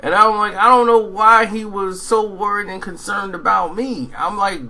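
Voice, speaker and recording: Man, rambling story, bright tense voice, slightly high. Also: normal speed, hardly any pauses, a little hiss or hum, rough recording. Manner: rambling, animated, acts out quoted dialogue. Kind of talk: casual storytelling monologue.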